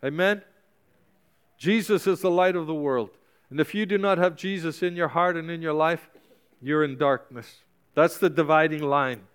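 High-voiced impassioned male pastor. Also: moderate pace, a bit bright, smooth. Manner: passionate, urgent preaching with repeated exhortations. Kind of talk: sermon.

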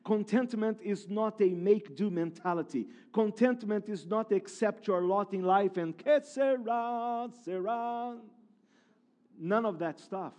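High-voiced emphatic male preacher. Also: unhurried, a little mellow. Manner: emphatic preaching with repeated phrases and restarts. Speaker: pastor. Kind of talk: sermon.

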